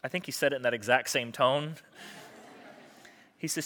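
A man preaching a sermon as a pastor, in a conversational style that swings from hushed asides to emphatic declarations. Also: mid-range voice, moderate pace, pauses often.

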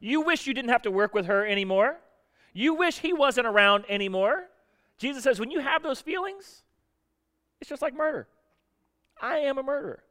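A man's voice: very high voice, lively intonation, normal speed, bright, forceful tone. A man preaching a sermon as pastor, talking conversationally and joking, with frequent restarts. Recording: long reverb of a church hall.

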